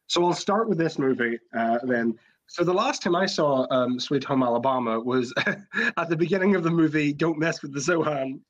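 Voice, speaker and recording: A man's voice: fairly high pitch, normal speed, no room sound. A young man co-hosting a casual podcast, rambling through stories with laughs and swearing. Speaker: podcast co-host. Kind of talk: casual group chat. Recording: dull lo-fi mic.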